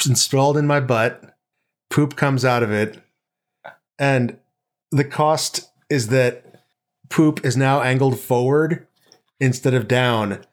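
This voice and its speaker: A man with a New York accent hosting a casual podcast chat, making dry, deadpan jokes. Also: mid-range voice, slow, long pauses. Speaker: podcast host.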